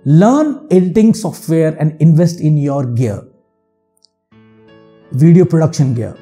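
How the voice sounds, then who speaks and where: A man's voice: a little high, animated, a little slow, mellow, soft background music. A man from India with an Indian English accent, giving frank, earnest advice to other channel makers in a monologue. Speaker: YouTube channel host.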